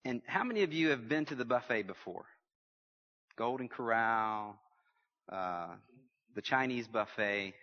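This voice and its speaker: A man's voice: medium pitch, in a large hall. Guy preaching, big swings, jokes w the crowd, kinda muffled recording. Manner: lively preaching with humor and audience call-outs. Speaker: pastor. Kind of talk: sermon.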